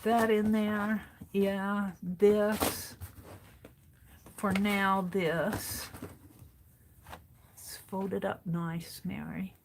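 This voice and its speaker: Slow-talking woman chatting while she crafts. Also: mid-range voice, little pitch movement, vocal fry, heavy background noise. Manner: chatty, talking to herself while tidying and sewing. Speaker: craft streamer. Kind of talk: casual craft livestream chat.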